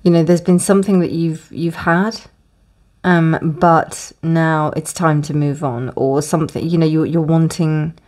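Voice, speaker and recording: Woman, low voice, casual tarot reading, rambling, lots of fillers. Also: steady tone, a little slow, a little mellow. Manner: rambling, many restarts and fillers. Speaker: tarot reader. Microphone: close, dry room with windows closed.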